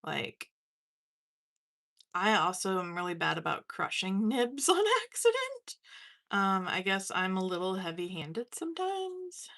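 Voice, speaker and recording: A woman's voice: mid-range voice, huge pitch swings, unhurried, sharp tone. A young woman chatting casually while painting on a live stream, laughing often and poking fun at herself. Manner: chatty, laughing, self-mocking. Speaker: watercolor artist streaming live.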